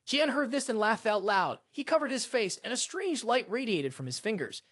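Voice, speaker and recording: A man narrating a story recap in a dramatic, expressive way. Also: extremely high pitch, moderate pace, hardly any pauses.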